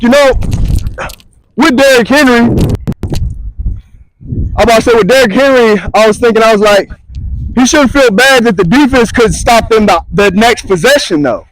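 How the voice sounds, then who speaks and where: A man's voice: sits high, rough recording. A man co-hosting casual sports talk, emphatic and slangy, often repeating himself. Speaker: sports podcast co-host.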